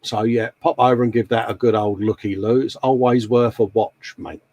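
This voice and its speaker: The host's mid-range voice stays steady and a little mellow at normal speed, with no room sound at all. He runs a casual live-stream chat, chatty and rambling, calling people mate.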